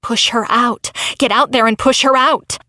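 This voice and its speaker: A woman's voice: on the high side, fairly even intonation, normal speed, sharp tone, no echo, clean studio sound. A woman reading aloud, voicing a tough, bossy teenage girl who barks urgent commands in an audiobook.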